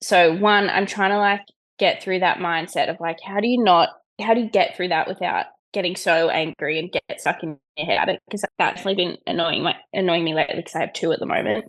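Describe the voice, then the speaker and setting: A woman's voice: lowish voice, fast talker, a bit bright. An Australian woman with an Australian accent, chatting casually on a group coaching call, full of fillers and slang. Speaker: online coach on a mastermind call. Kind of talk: casual chat.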